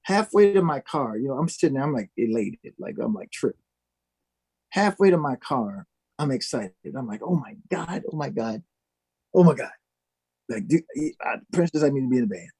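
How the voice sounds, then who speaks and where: A man's voice: medium pitch, fairly quick, breathy edge, no room sound. A man from Minnesota, a guest musician, telling a story in an interview and acting out the voices of the people in it. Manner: animated, acts out quoted voices.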